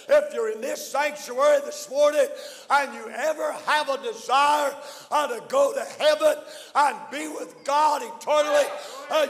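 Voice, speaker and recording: A Southern American man preaching a fiery evangelistic sermon as pastor, shouting in refrains with frequent "uh" fillers. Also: very high voice, big-room sound. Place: church sanctuary.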